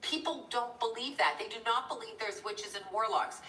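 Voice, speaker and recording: Middle-aged woman rambling on a livestream, bright voice, kinda far from the mic in an echoey room. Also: fairly high pitch, normal speed. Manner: chatty, digressive, thanks viewers mid-story. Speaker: livestream host. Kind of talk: rambling live-stream storytelling.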